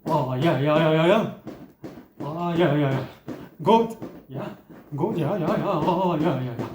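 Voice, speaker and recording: A man's voice: on the high side, unhurried, echoey room, noisy background, natural voice. Man doing a clipped woman repeating yeah. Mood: brisk.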